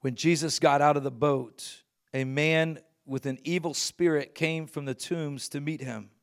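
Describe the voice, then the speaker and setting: Middle-aged male pastor, emphatic sermon delivery, voice sits a bit high. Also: steady tone, unhurried. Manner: emphatic preaching, rising loud on key points, reading scripture aloud.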